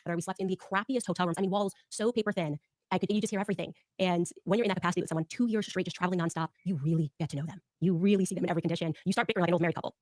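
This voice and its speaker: A woman rattles off anecdotes at breakneck speed in a low-set voice. She is animated and often slips into imitations when quoting people. The sound is dry and close to the mic. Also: no echo. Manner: rapid, animated, mimics others in quotes. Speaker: speaker telling personal stories. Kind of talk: recorded personal storytelling.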